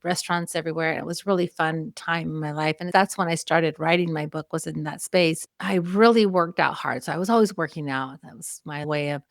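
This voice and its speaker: A woman's voice: low voice, fairly even intonation, a little fast, vocal fry, hardly any pauses, no echo, clean studio sound. A woman in her fifties from Mexico, a podcast guest telling a personal story earnestly and with emotion. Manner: earnest, emotional, vividly reliving memories.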